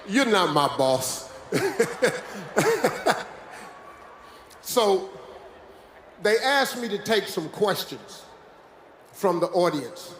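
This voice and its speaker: An older American man speaking onstage with a high, bouncing voice that swings wildly as he preaches and jokes. His talk rings through an echoey dome, with faint audience noise underneath. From West Virginia, USA. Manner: animated, preachy and joking. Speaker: motivational speaker. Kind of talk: live motivational speech. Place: large dome venue with live audience.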